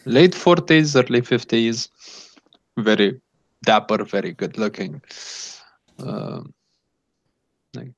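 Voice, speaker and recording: A man's voice: medium pitch, expressive, takes it slowly, pauses often, no echo. A man narrating as game master of a tabletop role-playing game in a loose, casual way, on a dull lo-fi recording. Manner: loose, casual, rambling with fillers. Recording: dull lo-fi sound.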